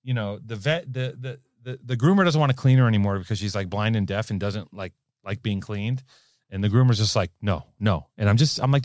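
A man's voice: lowish voice, brisk, no echo, studio quality. A man co-hosting a podcast in casual, rambling, profane banter. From California. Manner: rambling, profane, animated riffing. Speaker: podcast co-host.

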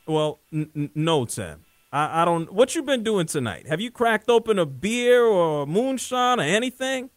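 Male sports talk host: high, joking, opinionated, dry close mic. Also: sing-song, normal speed, no room sound.

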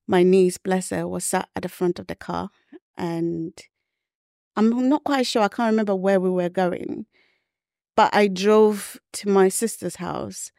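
A woman's voice: mid-range voice, gravelly, a little mellow, no echo, clean studio sound. A woman from Ghana, a podcast guest, talking candidly and reflectively about a hard time in her life. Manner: candid, reflective, acts out quoted voices. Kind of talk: personal storytelling in an interview.

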